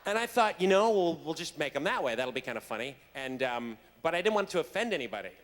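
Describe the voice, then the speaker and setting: Animated man laughing on a hall stage. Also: a little high, fast. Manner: animated, laughing, stumbling restarts. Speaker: convention guest actor. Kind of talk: casual on-stage storytelling. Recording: reverberant hall with faint crowd noise.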